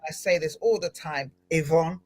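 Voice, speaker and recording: A woman hosting a live-streamed podcast interview, talking in an animated, exclamatory way with frequent laughter. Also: sits low, normal speed, slightly rough. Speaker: podcast host.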